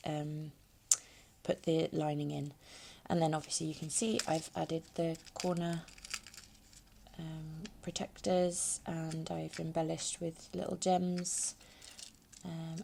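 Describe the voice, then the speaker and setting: Woman showing a craft project, low voice, unhurried, gravelly edge, hesitant with ums. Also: a little mellow, a little hiss or hum. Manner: hesitant, many ums while working. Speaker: craft tutorial host. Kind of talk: hands-on craft demonstration. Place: home craft space.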